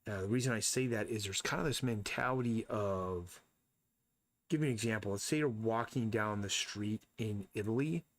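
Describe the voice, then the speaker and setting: A man's voice: lowish voice, moderate pace. A man casually chatting on a live stream while he draws, blunt and rambling, often talking to himself about his work. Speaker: artist streaming a drawing session.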